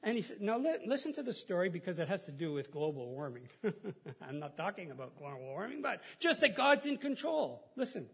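Man, middle-aged, pastor, casual chatty sermon, folksy, high pitched, husky. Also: big pitch swings, fairly quick. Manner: chatty, folksy, laughs at own stories, many restarts.

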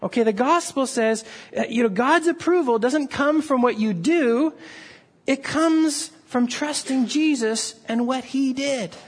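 A man's voice: very high voice, unhurried, slightly rough. A middle-aged man preaching an earnest sermon as pastor, pleading with his listeners and lifting his voice when stirred. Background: gathered congregation.

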